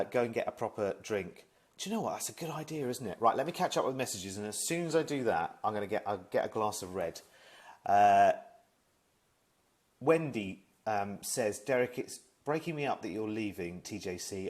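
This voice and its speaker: A man hosting a casual live chat from his living room, reading viewer comments aloud with plenty of ums. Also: lowish voice. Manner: chatty, reads comments aloud, many ums.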